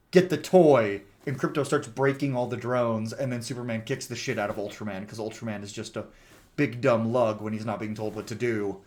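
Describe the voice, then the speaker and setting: A man talking through a film in a relaxed, rambling recap, peppering his sentences with "like" and an occasional curse. His voice sits at an everyday mid pitch, and he slips into quick bits of character voices when quoting scenes. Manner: chatty, heavy with "like" fillers, swears freely; acts out characters' lines when quoting them. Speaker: movie reviewer. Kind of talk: casual plot-recap movie review.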